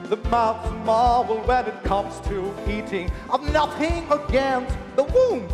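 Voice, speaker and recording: A man acting and singing as a theatrical, excitable young professor in a stage musical, recorded in a reverberant hall with music. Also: very high-pitched, measured pace. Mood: exuberant singing. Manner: theatrical, exaggerated stage delivery. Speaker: stage actor.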